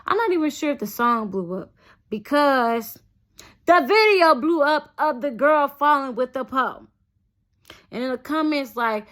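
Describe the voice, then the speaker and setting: A woman's voice: high voice, measured pace. A young adult woman telling a personal story in a casual, chatty vlog, often addressing her viewers directly. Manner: chatty, animated, keeps addressing viewers as "y'all".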